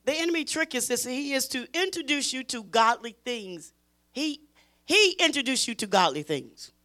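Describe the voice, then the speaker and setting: A woman teaching a Bible study in an emphatic preaching style, repeating phrases and pushing her voice toward a shout. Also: sits high, very animated, normal speed.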